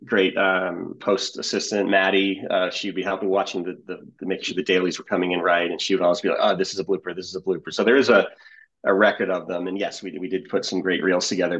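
A man's voice: deep voice, steady tone, a little fast, fairly bright tone, low-quality recording. A man, a comedy editor, telling behind-the-scenes stories in a casual interview and laughing often.

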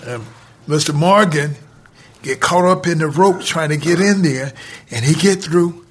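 On a podcast, a guest tells a lengthy story from his own life in a voice that runs high and a little rough. His telling is drawn out, full of repeated "he said" and "I said."

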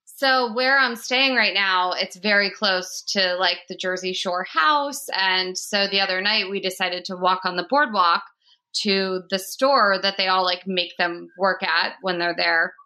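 A woman's voice: medium pitch, a little slow, pushed and bright. A young woman hosting a podcast, chatting casually with lots of "like" and laughter. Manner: chatty, heavy use of "like", frequent laughter. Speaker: podcast host.

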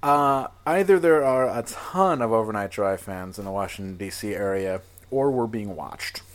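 A man's voice: on the low side, animated, moderate pace. Laughing, swearing male podcast co-host. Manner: jokey, laughs often, swearing, trails off and restarts. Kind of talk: casual chat.

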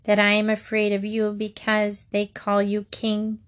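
A woman's voice: mid-range voice, monotone, a little slow, clear, resonant tone, close to an everyday voice. A woman voicing a small sneering male mosquito in a storybook fable, in a half-whispered voice.

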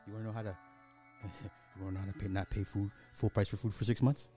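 A man's voice: lowish voice, little pitch movement, fast talker, warm tone, soft background music. A man hosting a podcast, ranting bluntly in casual social commentary, full of profanity and sarcastic apologies. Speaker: podcast host.

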